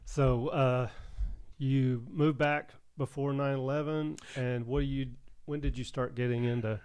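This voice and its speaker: A man's voice: mid-range voice, steady tone, measured pace, darkish tone, clear, resonant tone. A man hosting a podcast, asking short casual questions and giving brief acknowledgments. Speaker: podcast host. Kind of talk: casual interview.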